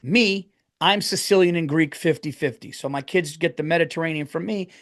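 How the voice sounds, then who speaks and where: A man's voice: fairly high pitch, normal speed. Rambling, profane male podcast host. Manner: rambling, profane, swings into loud rants. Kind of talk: casual solo podcast monologue.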